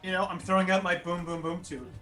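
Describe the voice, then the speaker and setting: A man's voice: high voice, fairly even intonation, quick pace, pushed and bright. Eager, rambling man at a game table. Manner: eager, rambling, many fillers and laughs. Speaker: player. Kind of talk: playing an online tabletop game. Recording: distant voice with faint music.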